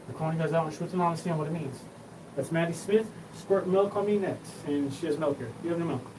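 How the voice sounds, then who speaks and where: A man's voice: fairly high pitch, fast. A man rambling through a profane, scattered monologue as the host of his own show. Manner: rambling, profane, jumps between topics. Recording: distant mic with noticeable room hum.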